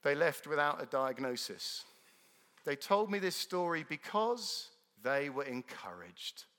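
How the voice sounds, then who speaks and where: Guy preaching, bright forceful voice, earnest, gets loud then goes quiet, big echoey church. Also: on the high side, very animated, measured pace. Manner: earnest, emphatic, swings from loud to hushed. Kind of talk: sermon. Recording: long reverb of a large hall.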